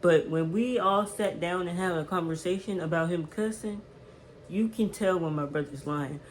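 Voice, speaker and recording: A woman vlogger telling a casual storytime, animated and emphatic, with slang and repeated words. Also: fairly low pitch, moderate pace, a little hiss or hum, poor audio.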